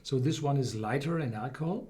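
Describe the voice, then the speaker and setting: A man hosting a live whisky tasting, explaining slowly with many fillers and restarts. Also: mid-range voice, dark tone. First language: German. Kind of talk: live-stream tasting chat.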